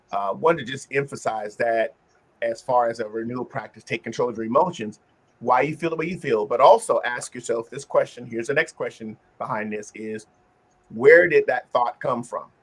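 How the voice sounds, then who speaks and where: A man's voice: mid-range voice, husky. Earnest man hosting a discussion. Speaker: host. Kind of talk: casual group discussion, teaching.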